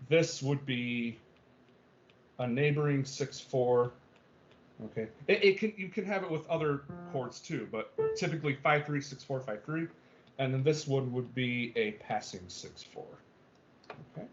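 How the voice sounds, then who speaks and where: A man's voice: medium pitch, measured pace. A male music theory teacher giving an online class lecture, explaining step by step with many okays and ums and checking that students follow. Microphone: video call. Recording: dull lo-fi video-call audio.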